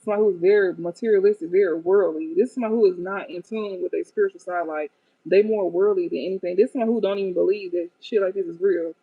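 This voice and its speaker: A woman's voice: on the low side, steady tone, very fast, slightly rough, no room sound. Woman, casual tarot reading, blunt, swears freely, keeps laughing, tinny phone-like sound, dry close audio. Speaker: tarot card reader.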